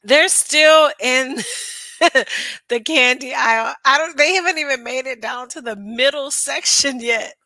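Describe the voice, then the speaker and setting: Bright high-voiced woman chatting. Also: takes it slowly, dry recording, poor audio. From northern United States. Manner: chatty, laughing asides, talks to viewers. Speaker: reaction video host. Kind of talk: casual chat to camera.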